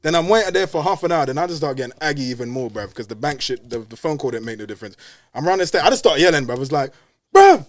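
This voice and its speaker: Fast-talking London guy, dry close mic. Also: mid-range voice, dry recording. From West London. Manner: animated, streetwise slang, acts out voices in his story. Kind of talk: casual storytelling. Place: podcast studio.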